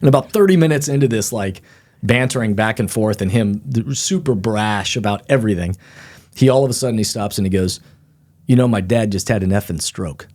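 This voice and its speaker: Middle-aged male author guest, lower register, lively storyteller who mimics the people he quotes. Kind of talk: casual interview storytelling.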